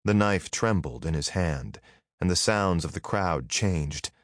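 A man narrating a fantasy audiobook in an expressive storytelling manner on a close studio mic. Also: sits low, measured pace, dry recording. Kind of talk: scripted narration.

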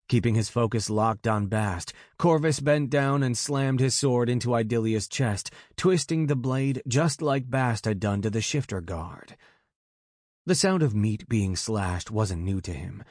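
A man narrating an audiobook in a measured, dramatic way on a close mic. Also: on the low side, a little mellow, dry recording.

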